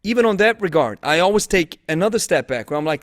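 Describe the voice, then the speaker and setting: Podcast host guy, kinda high voice, super enthusiastic, dry close sound. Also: animated, dry recording. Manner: enthusiastic, affirming, quick interjections. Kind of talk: casual podcast chat.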